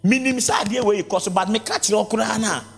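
A man's voice: high voice, a little fast, gravelly, breathy edge. A man preaching a sermon as pastor, mixing Twi and English with sing-song rises. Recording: long reverb of a large hall.

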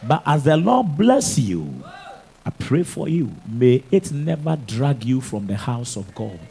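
A Ghanaian man in his thirties, a pastor preaching an animated sermon. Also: medium pitch, unhurried, gravelly. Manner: animated preaching mixing English and Twi.

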